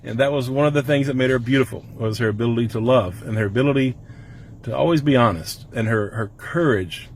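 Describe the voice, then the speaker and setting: A man's voice: mid-range voice, fairly quick, slight background noise. Earnest middle-aged man holding back tears. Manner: earnest, rambling, on the verge of tears. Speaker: vlogger. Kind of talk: personal emotional vlog. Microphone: camera mic.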